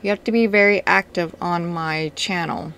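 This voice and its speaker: A woman's voice: lowish voice, steady tone, normal speed, creaky, fairly bright tone, a little hiss or hum. A woman hosting her own channel, reading viewer mail in a rambling, chatty way. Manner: rambling, chatty, easily distracted. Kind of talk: casual vlog chat.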